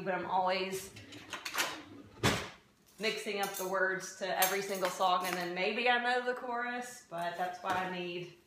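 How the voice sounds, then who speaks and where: Bright-voiced woman joking through a kitchen vlog. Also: medium pitch, slight background noise. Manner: joking, rambling, self-mocking. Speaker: lifestyle blogger. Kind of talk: casual live-streamed baking vlog. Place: home kitchen. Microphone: phone camera. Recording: echoey kitchen on a phone.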